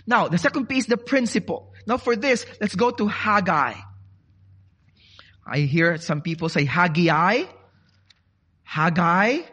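A man preaching a sermon, from the Philippines, lively and animated as he quizzes the congregation. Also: sits high, moderate pace, breathy edge.

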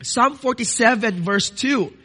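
Male preacher, very high bright voice, earnest sermon delivery that builds to emphatic declarations. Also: a little slow. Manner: addresses listeners as "dearly beloved".

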